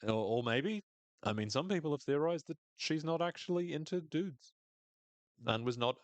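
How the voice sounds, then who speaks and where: Male podcast host, mid pitch, excitable recap talker who curses casually and mimics lines, recorded dry and close. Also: normal speed, dry recording. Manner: enthusiastic, swears freely, acts out quoted lines in shifting voices.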